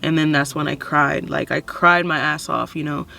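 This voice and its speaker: A woman's voice: deep voice, fairly even intonation, moderate pace, creaky, pushed and bright. A woman in her twenties telling her own story to camera in a casual, frank way, swearing often and filling with "like" and "you know". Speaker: vlogger.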